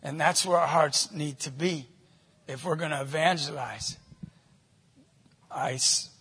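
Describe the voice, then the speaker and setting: A man leading a Catholic evangelization ministry, telling stories in a conversational, animated way in a talk to a church group. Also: on the high side, a little slow, husky, in a large hall.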